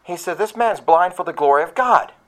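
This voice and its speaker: A man's voice: lively intonation, fairly quick. Man preaching a conversational sermon. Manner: conversational preaching with asides to the congregation; acts out quoted speech with sharp rises in pitch. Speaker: pastor.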